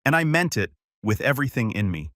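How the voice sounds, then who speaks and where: A man calmly narrating a first-person story in an even storytelling voice, recorded close to the mic. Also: mid-range voice, fairly quick, dry recording.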